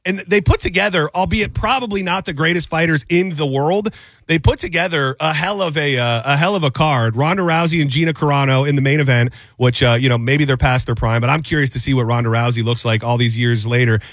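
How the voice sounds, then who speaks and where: A man hosting a radio show, chatting casually and giving shout-outs to listeners. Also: fairly high pitch, fairly quick, no echo.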